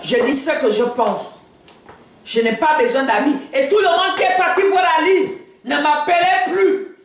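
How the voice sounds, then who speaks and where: A woman from Gabon with a Gabonese accent, giving an impassioned video statement, pleading and breaking into shouts. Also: high voice, normal speed. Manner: fervent, pleading, bursts into shouting. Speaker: political activist. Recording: very echoey room, voice far from mic.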